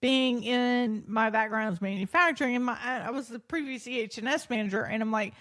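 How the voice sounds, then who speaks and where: A woman podcast host with a slightly high voice tells a story in a lively, self-deprecating way, laughing as she goes. She stumbles and restarts often while acting out what people said. The sound is dry and close. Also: brisk, no room sound. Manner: acts out her own past thoughts and others' speech; frequent restarts and fillers. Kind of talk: personal storytelling monologue.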